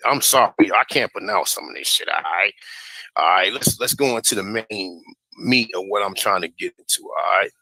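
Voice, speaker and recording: A young man hosts a casual commentary vlog, cursing and ranting with heat. His voice is bright and forceful. The sound is dry and close, with no room echo. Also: fairly low pitch. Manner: profane, heated, stumbles over names while reading. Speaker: host.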